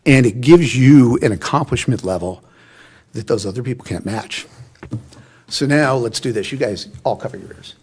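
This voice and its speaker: A man's voice: medium pitch, expressive, normal speed, darkish tone, slight background noise. A man giving an emotional, folksy and encouraging commencement speech in a large hall. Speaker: commencement speaker.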